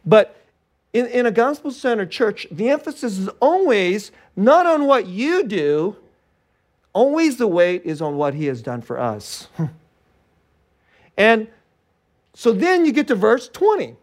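A middle-aged pastor preaching a sermon in a conversational way, often restarting phrases and chuckling between points. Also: male voice, sits high, sing-song, a little slow, pauses often.

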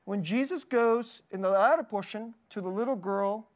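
Male pastor, high voice, earnest sermon delivery, warm laughs, gentle quiet dips. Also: expressive, normal speed, lo-fi sound. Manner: earnest, tender preaching with frequent laughs and soft dips.

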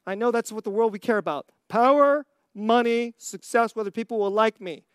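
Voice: mid-range voice, normal speed, clear, resonant tone, dry recording, clean studio sound. A preacher giving a sermon, asking the listeners rhetorical questions and laughing between points.

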